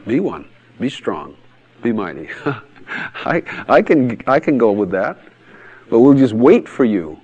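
A man's voice: medium pitch, big pitch swings, slow pace, long pauses, a little mellow, breathy edge, lo-fi sound. A man preaching in a blunt, emphatic way, often laughing and acting out quotes in other voices. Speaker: pastor. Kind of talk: sermon-style teaching talk.

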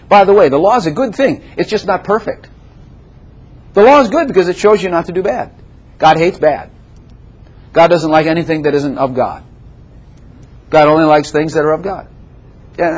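An older man preaching a sermon as a pastor, emphatic and repetitive, swinging between loud declarations and softer asides. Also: fairly high pitch, lively intonation, moderate pace, breathy edge.

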